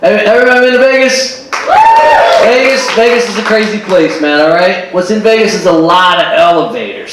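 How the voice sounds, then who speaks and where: A man doing a stand-up comedy set, animated and throwing in character voices and Spanish phrases. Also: high voice. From Cuban family. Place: stage at a live show with audience. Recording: echoey room, distant live recording with crowd. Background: audience laughing.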